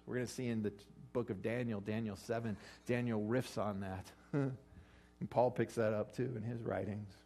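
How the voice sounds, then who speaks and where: A man preaching a casual, joking sermon, acting out quotes with sudden jumps in pitch. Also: steady tone, moderate pace, warm tone. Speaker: pastor. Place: church or hall with an audience eating lunch.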